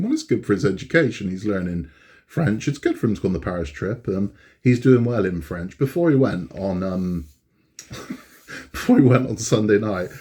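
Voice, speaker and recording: A middle-aged man chats casually in a fairly low voice. He rambles easily, restarts his sentences and laughs often as he talks. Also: darkish tone. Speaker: channel host. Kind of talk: casual chat.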